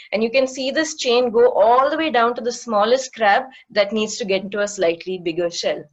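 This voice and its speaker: A woman's voice: a little high, muffled recording. A woman in her thirties, a marine educator giving an online talk with slides, explaining things patiently with many fillers. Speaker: guest speaker, marine educator.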